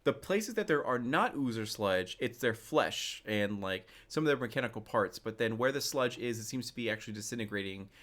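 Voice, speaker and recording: A man's voice: medium pitch, expressive, a little fast, few pauses, fairly bright tone. Man running a tabletop game. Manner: loose, filler-heavy description. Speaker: game master.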